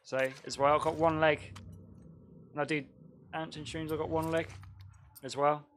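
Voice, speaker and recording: A man live-streaming a game, giggling constantly and yelping excited exclamations between casual chat. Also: a little high, moderate pace, slight background noise. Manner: giggly, laughing through his words.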